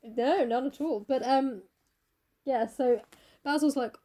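A woman's voice: high-pitched, slow pace, dark tone, a little hiss or hum. A woman co-hosting a podcast, animatedly retelling a classic novel, swearing freely and acting out the characters. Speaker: podcast co-host.

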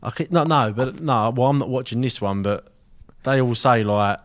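A young man co-hosting a podcast in relaxed, swearing casual chat. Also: medium pitch, normal speed. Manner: laid-back, swearing, chuckling. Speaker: podcast co-host.

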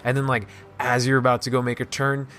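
A man casually recapping a video game story, excited and rambling, with lots of "like" and restarts. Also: medium pitch, brisk, faint music behind. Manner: excited, rambling, heavy use of "like". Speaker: gaming video host.

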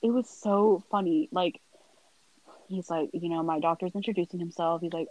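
A young woman, a podcast guest, chatting casually and telling animated stories, acting out her family's lines. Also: on the low side, moderate pace, slight background noise, rough recording. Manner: animated storyteller, acts out family quotes, sighs and laughs often.

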